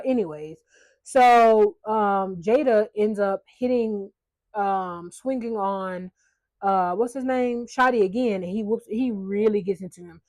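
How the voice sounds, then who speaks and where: A woman's voice: medium pitch, a little mellow, no echo. A woman giving a casual reality-show recap, chatty, blunt and sarcastic, swearing freely. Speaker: recap vlogger.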